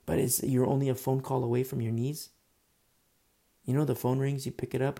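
Gravelly-voiced man preaching earnestly. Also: mid-range voice, level tone, a little fast, warm tone. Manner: earnest, conversational preaching, drops to a whisper at times. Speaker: pastor. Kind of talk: sermon.

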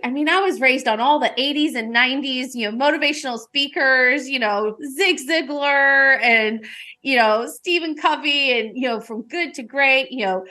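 A woman author chatting on a podcast, telling lively stories and laughing easily. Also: high voice, normal speed, soft background music. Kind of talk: casual podcast chat.

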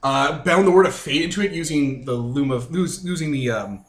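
A man running a tabletop role-playing game, excitable and swearing, often laughing. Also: on the high side, normal speed. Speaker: game master. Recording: roomy echo.

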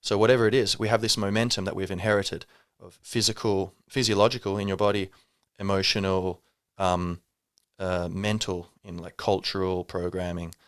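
A man's voice: deep voice, flat delivery, normal speed, no room sound, studio quality. A man hosting a solo podcast, talking reflectively and rambling, with many fillers and restarts. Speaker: podcast host.

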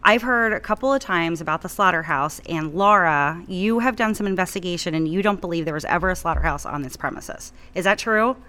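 A woman hosting a podcast, asking quick questions with a joking manner. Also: fairly low pitch, sharp tone, slight background noise. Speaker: podcast host. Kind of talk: casual interview.

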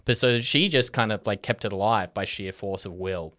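A man's voice: lowish voice, moderate pace, a bit bright, no echo, studio quality. A young Australian man telling a story in casual chat, full of fillers like "like" and "um" and frequent restarts. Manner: rambling, many fillers and restarts. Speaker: podcast co-host.

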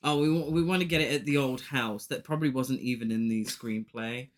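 A man's voice: mid-range voice, a little fast. A man co-hosting a podcast, casually analysing a horror film with frequent laughs. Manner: giggly, opinionated, speeds up when arguing a point. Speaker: podcast co-host. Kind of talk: casual chat.

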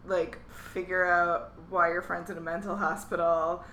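A woman with a bright, clear voice, chatting as a podcast co-host. She talks things through loosely and slips into quoted lines. The room rings with echo, and faint ambience sits underneath. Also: on the low side, little pitch movement, unhurried, slight background noise. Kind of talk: casual chat. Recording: echoey room.

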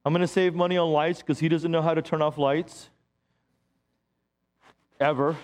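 A middle-aged man, a pastor, preaching a sermon in a church with lively, joking storytelling. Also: a little high, normal speed.

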